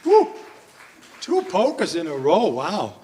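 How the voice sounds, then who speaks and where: At a live show in a senior residence's performance room, a male entertainer jokes playfully and chats with the audience between sing-along songs, with backing music behind him. His voice is a little high and mellow, slow, with wildly swooping pitch and a faint hiss or hum.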